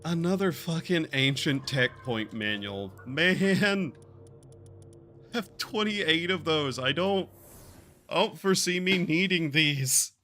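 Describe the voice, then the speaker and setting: A man's voice: on the high side, animated, slow pace, pushed and bright, soft background music. A man streaming a game, talking in a drawling, meandering way with sighs and casual swearing. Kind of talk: casual gaming stream chat.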